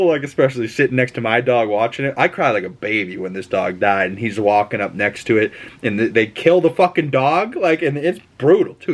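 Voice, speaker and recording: A young man giving a casual movie review, rambling and excitable, with plenty of cursing. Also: fairly low pitch.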